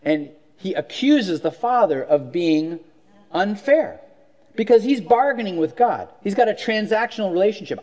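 Male pastor, fairly high voice, chatty sermon delivery full of rhetorical questions. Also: expressive, a little slow, darkish tone. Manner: conversational preaching with rhetorical questions and restarts.

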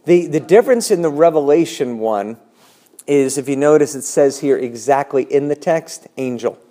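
A man's voice: a little high, moderate pace, dark tone. A man leading a Bible study, explaining passages in a thoughtful, searching way and reading scripture aloud. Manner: thoughtful, reads scripture aloud, frequent restarts.

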